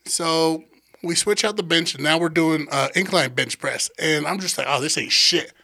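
A young man in his twenties with a bright, forceful voice that sits a little high. He tells stories in a loose, animated, profane way as a podcast co-host. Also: moderate pace, gravelly. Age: 20s. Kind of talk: casual chat.

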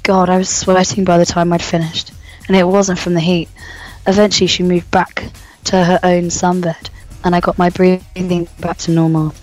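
A woman co-hosting a podcast in a hoarse, gruff voice that sounds posh, reading mock-erotic passages with crude, teasing humour. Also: lowish voice, poor audio. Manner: crude, teasing, reads in slow deliberate tones. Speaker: podcast co-host.

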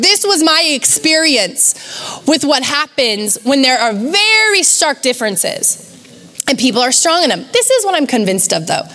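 Woman pastor preaching live, high voice, acts out voices in her stories, long church reverb. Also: normal speed. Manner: animated storytelling, acts out voices. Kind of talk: sermon. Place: church sanctuary.

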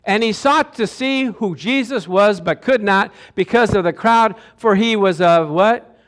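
High-voiced man preaching an animated sermon. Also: a little slow. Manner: animated, calls out to the congregation for responses. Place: church sanctuary with a congregation.

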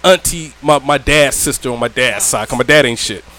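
A young man, telling animated, profane stories with friends on a podcast. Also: medium pitch, brisk. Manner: animated, laughing, profane, slangy, lots of "right?". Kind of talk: casual storytelling chat. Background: friends talking in the background.

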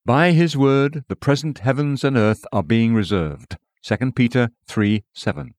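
A man in scripted narration of a devotional book, reading in a measured way and voicing scripture citations aloud. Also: mid-range voice, a little mellow, no room sound, studio quality. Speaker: audiobook reader.

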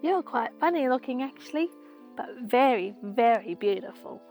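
A woman's voice: fairly high pitch, animated, moderate pace, faint music behind. A woman voicing a friendly, chatty female wallaby in a bedtime story. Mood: cheerful. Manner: bright, eager storybook voice.

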